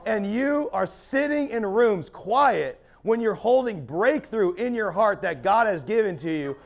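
A man's voice: high-pitched, expressive, unhurried, creaky. A man preaching a sermon as pastor, fiery and building in intensity.

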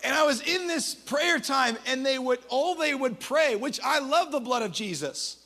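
A pastor preaches energetically and with humor, keeping things conversational and tossing in quick asides. His voice is very high, gravelly at the edge, and bright and forceful in tone, with expressive delivery.

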